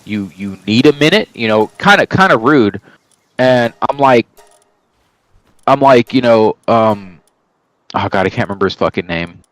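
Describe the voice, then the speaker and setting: A man's voice: mid-range voice, a little slow, long pauses, a bit bright, dry recording, rough recording. A man streaming and telling a long story in casual chat, rambling and swearing, often checking in with "right?". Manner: rambling, profane, keeps asking "right?".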